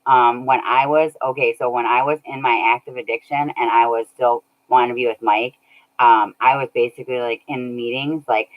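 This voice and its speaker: With a rumbling low voice at normal speed, a woman streamer reads her chat and thanks viewers by name. She's casual and laughs often, and the audio comes through dull and lo-fi.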